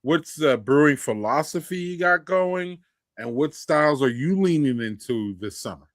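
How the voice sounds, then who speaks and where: A man hosting a casual live stream chat, folksy and animated. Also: on the high side, normal speed, no echo, studio quality. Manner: animated, folksy, says y'all. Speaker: podcast host.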